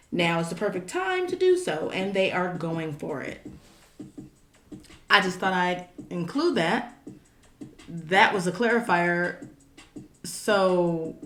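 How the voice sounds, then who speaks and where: A woman's voice: mid-range voice, a bit bright. A woman giving a casual tarot reading, talking in a loose, chatty way with fillers and asides. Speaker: tarot reader. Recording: roomy echo with faint background music. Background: faint music.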